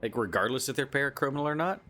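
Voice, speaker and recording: A man's voice: mid-range voice, rapid-fire, bright, forceful tone, slight background noise. A man streaming a video game, giving casual, musing commentary and swearing freely. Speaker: gaming streamer.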